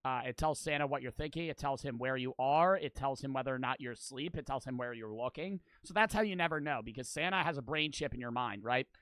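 A young man streaming his reactions to a video, joking loudly and swearing, breaking into laughs and shouts. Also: mid-range voice, quick pace, few pauses, no room sound. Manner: loud, profane, joking, bursts into shouts and laughs. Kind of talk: casual reaction commentary.

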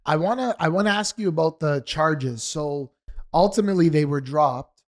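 Brief: male co-host, somewhat high voice, hesitant questioner. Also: moderate pace. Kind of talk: interview.

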